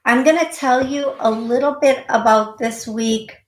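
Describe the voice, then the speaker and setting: A woman's voice: a little high, measured pace, echoey room. A woman hosting a call-in psychic radio show, giving readings with repeated, direct warnings and bursts of giggling.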